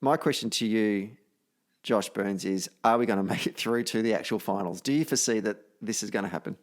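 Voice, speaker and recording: A man's voice: fairly low pitch, fairly quick. An Australian man hosting a casual podcast, chatty and self-deprecating, telling stories with animation. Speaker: podcast host.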